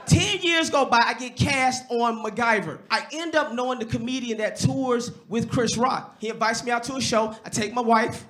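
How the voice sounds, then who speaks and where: A man performing a loud, animated stand-up set on a comedy club stage, jumping into shouted voices as he tells a story. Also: very high-pitched, moderate pace, hardly any pauses.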